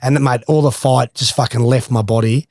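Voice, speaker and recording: A man's voice: medium pitch, normal speed, dry recording, studio quality. A man with an Australian accent, a former footballer, casually telling a swimming story with laughs and swearing. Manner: animated, swears freely, laughs through stories.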